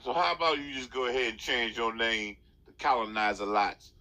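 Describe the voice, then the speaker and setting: A man hosts a comedic phone call with mocking, laid-back street talk. His voice is bright and forceful, at a middling pitch. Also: fairly even intonation, a little fast. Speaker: host.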